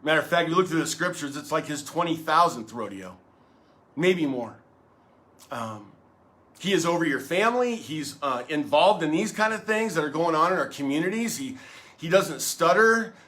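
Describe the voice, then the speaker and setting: A middle-aged man, a pastor hosting his own show, giving a casual devotional talk straight to the viewer in a chatty, folksy, animated way. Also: on the high side, normal speed.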